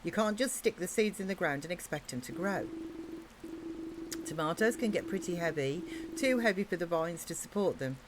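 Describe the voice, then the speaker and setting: Game reading: an English woman plays a cheerful male orc farmer, encouraging and chatty, in a somewhat low voice. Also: animated, normal speed, noisy background, close to an everyday voice. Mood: eager. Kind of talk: reading game dialogue aloud.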